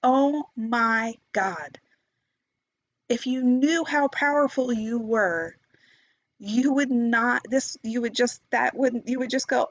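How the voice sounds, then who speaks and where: A woman's voice: fairly high pitch, slow, no echo. A woman meditation teacher in an impassioned, unscripted monologue, swearing freely and restarting her sentences. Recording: dull, dry, lo-fi recording.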